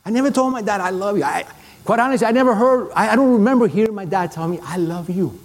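A middle-aged man with a foreign accent preaching a sermon and telling a personal story in an animated way, with many halting restarts. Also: high-pitched.

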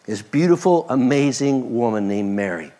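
A man preaching a sermon, expressive, moving between loud emphasis and soft, hushed passages. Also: medium pitch, normal speed. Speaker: pastor.

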